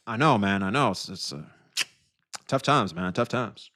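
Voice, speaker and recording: A man's voice: fairly low pitch, animated, measured pace, long pauses, pushed and bright. Guy on a livestream thanking donors, cussing a lot, voice jumps all over. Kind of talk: casual live-stream reaction.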